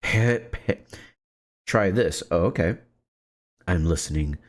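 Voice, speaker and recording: Male streamer, slow, playful, low and animated. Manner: playful, joking, chats to viewers. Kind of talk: casual gameplay commentary.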